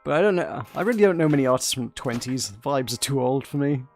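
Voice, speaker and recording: A man's voice: medium pitch, lively intonation, quick pace, darkish tone, faint music behind. A man hosting a gaming stream, talking casually and poking fun at himself. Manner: chatty, self-mocking. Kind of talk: casual let's-play commentary.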